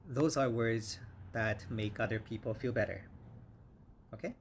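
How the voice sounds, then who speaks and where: A man teaching English vocabulary, speaking slowly and patiently and repeating each word several times; his first language is Korean. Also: medium pitch, a little hiss or hum. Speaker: English instructor. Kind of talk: slow vocabulary lesson with repeated words.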